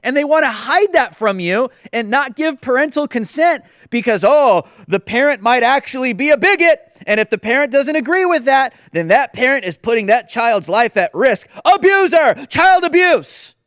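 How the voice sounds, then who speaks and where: A man's voice: very high-pitched, animated, normal speed, few pauses, fairly bright tone, dry recording, studio quality. A man hosting a political commentary show, talking in an indignant, sarcastic, emphatic way. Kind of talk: opinionated commentary.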